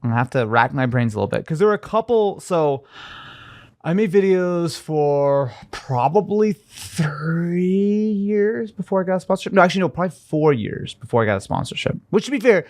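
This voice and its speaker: A man's voice: a little high, expressive, moderate pace, darkish tone, dry recording, clean studio sound. A young man from Missouri, a guest in a casual interview, talking in a rambling, self-deprecating way with many fillers and restarts.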